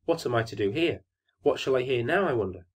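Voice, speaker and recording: A man's voice: medium pitch, expressive, fast talker, husky. A man voicing a young, impatient fir tree that muses with earnest longing in a storybook tale. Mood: lonely.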